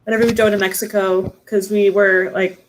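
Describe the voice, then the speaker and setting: A woman's voice: medium pitch, level tone, brisk, a little hiss or hum, low-quality recording. A woman from Southern California chatting casually about her family on a video call, sometimes mimicking relatives in a sing-song voice.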